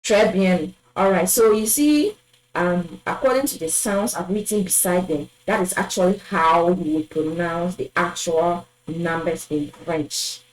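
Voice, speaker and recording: A woman teaching a French numbers lesson, saying each word twice and pausing with fillers. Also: on the low side, roomy sound, poor audio. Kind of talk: language lesson, drilling numbers.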